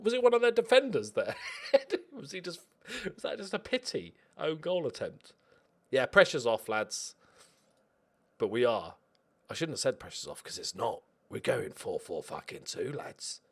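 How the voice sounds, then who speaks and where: A man hosting a football management game playthrough, commentating in an excitable, sarcastic, self-mocking way. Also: mid-range voice, normal speed. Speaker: let's play host. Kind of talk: gaming commentary.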